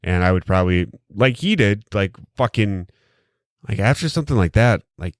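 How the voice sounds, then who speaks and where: A man hosts a casual podcast, recorded close on a studio mic with no room sound. His voice is on the low side and animated at a normal speed, and he rambles and jokes with heavy profanity.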